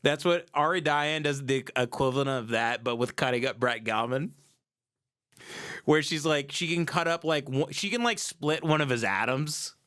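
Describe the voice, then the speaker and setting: A man hosts a livestream, launching into a crude, rambling comedic rant full of quick improvised bits. His mid-range voice has a fairly bright tone, picked up by a sensitive mic with no windscreen.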